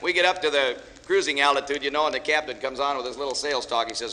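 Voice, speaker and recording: Male after-dinner speaker, fast folksy joke-teller, reverberant hall recording. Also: mid-range voice, steady tone, bright, forceful tone. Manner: folksy storyteller, joking with audience. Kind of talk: humorous speech with jokes. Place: large banquet hall with audience. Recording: echoey hall, faint hiss.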